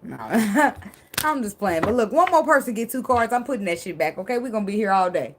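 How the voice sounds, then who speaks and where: A woman's voice: medium pitch, animated, brisk. Woman tarot reader, casual and playful, light background noise. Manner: chatty and joking, sings snippets, swears casually.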